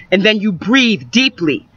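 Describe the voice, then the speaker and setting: A woman's voice: a little high, pushed and bright, dry recording. A woman giving emphatic, repetitive spiritual advice to young viewers in a preacherly way. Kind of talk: metaphysical advice talk. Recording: dull lo-fi recording.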